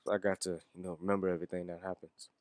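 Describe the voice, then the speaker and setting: A man with a somewhat low voice talks loosely through a wrestling review. He rambles, swears, and chuckles now and then. The recording is close and dry, with no room sound. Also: flat delivery, very fast, a little mellow, dry recording. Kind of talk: casual solo review.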